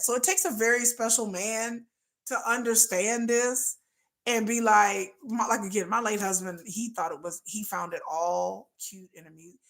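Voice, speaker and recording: A woman's voice: mid-range voice, a bit bright. A woman hosting a casual livestream, talking candidly and bluntly and laughing often. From United States. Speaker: livestream host.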